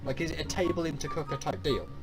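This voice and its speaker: A man's voice: on the high side, lively intonation, quick pace, music in the background. A man co-hosting a casual gaming chat, teasing his friends with sarcastic, dramatic retellings. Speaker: gaming channel co-host.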